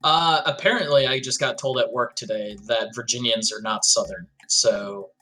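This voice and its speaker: A man's voice: mid-range voice, moderate pace, sharp tone, soft background music. A man chatting casually as a player in a tabletop game session, joking and explaining accents in a mock-lecturing way. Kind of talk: casual group chat over voice call.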